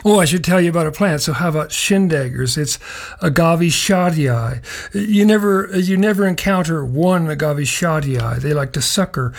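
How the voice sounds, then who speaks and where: A man's voice: on the high side, moderate pace, creaky. A middle-aged man hosting a short radio nature segment, talking in a folksy, rambling way with chuckling asides. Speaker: radio show host. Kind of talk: casual spoken nature segment.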